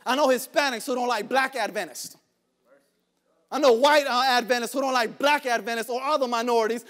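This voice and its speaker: A male pastor preaching a sermon to a congregation, calling for responses, laughing between lines and rising to shouts in a church sanctuary. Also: extremely high pitch, brisk.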